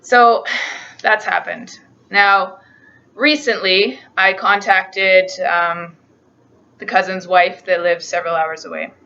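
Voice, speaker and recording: A woman's voice: mid-range voice, fairly even intonation, takes it slowly, pushed and bright, muffled recording. Earnest woman, emotional confessional vlog. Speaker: vlogger.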